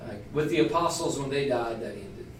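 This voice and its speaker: A man teaching a small church group in a relaxed, conversational sermon, joking about himself now and then. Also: medium pitch, fairly quick, a little hiss or hum. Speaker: pastor teaching a church class. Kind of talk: informal sermon. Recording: echoey room, voice from far off.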